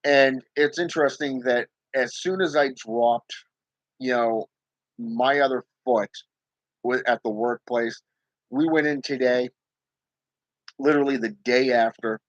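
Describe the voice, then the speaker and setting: A man's voice: medium pitch, steady tone, unhurried, pauses often, no echo, dull audio. A man hosting his own channel, talking casually and emphatically to viewers about spirit work, often checking in with "okay?". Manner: emphatic, repeats "okay?" and "you know". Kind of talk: casual livestream talk.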